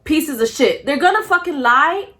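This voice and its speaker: A young woman telling a storytime in a casual vlog, talking in an animated, blunt way, swearing freely and coughing now and then. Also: sits high, normal speed. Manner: coughs often between phrases.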